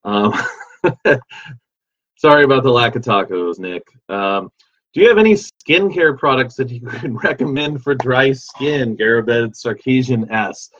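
A man's voice: mid-range voice, a little slow, fairly bright tone. A man hosting a livestream, chatting casually and reading out viewer comments in an easygoing, rambling way with many fillers. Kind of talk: casual chat. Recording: dull lo-fi sound.

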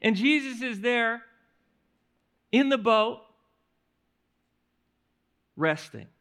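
A male pastor preaching a sermon in an animated storytelling manner, often restarting his words. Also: extremely high pitch, drawn-out words.

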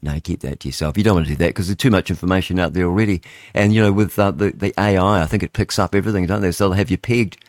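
A man in his sixties hosts a radio show with a somewhat low voice. He rambles through headlines in a loose, chatty way, thinking aloud as he goes. The studio sound is close and dry. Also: racing, no room sound. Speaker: radio host. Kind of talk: casual radio chat, reading headlines aloud.

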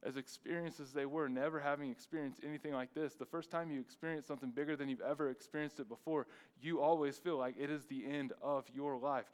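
A man's voice: on the high side, brisk, a little mellow, rough recording. A man, the lead pastor, preaching a sermon with emphatic repetition and rhetorical questions.

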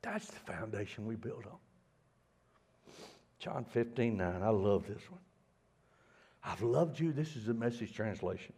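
A middle-aged man preaching a sermon in a folksy, stammering way, dropping to a hush and then building loud. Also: fairly low pitch, animated, unhurried, pauses often, husky. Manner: folksy, repeats words, swings from hushed to loud. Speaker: pastor.

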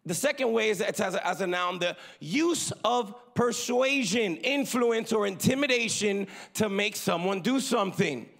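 A male pastor preaching a sermon, calling for amens from the congregation and moving between loud emphasis and quiet asides. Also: sits high, expressive, moderate pace, gravelly, few pauses. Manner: preaching with call-and-response to the congregation.

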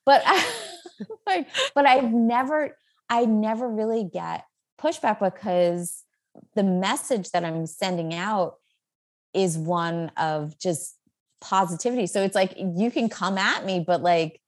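A woman in her thirties chats as an interview guest, upbeat and quick with fillers and easy laughter. Her voice sits at an ordinary middle pitch. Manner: upbeat, chatty, many "like" fillers, laughs often. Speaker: guest, social media creator. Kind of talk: casual interview chat.

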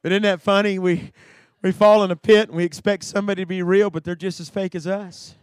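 A man preaching a sermon, telling stories that swing from hushed to shouting and repeating words as he builds. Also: sits high, little pitch movement, fairly quick, clear, resonant tone, no room sound. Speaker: pastor.

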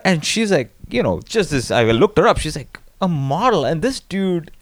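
A man's voice: a little high, very animated, normal speed, few pauses, no room sound, clean studio sound. A man co-hosting a comedy podcast, rambling through stories and laughing often. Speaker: podcast co-host. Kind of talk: casual comedic chat.

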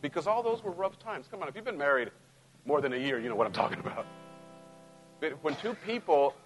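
Man, middle-aged, Latino American accent, sermon, chatty and joking, quiet asides then loud bursts. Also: a little high, animated, fairly quick, soft background music, poor audio. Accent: Latino American English. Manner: conversational, joking with congregation, swings from quiet asides to loud emphasis. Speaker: pastor.

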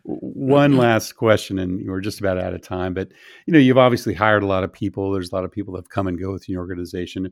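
A man's voice: low voice, fast talker, gravelly, few pauses, no room sound, studio quality. A man hosting a podcast interview, asking questions and answering his guest with short affirmations and easy laughs. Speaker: podcast host. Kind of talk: interview host.

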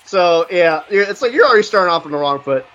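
A man co-hosting a podcast, ranting bluntly and profanely as he tells animated stories. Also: high voice, fast, lo-fi sound. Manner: animated storytelling. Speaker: podcast co-host reviewing an album. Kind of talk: casual podcast chat.

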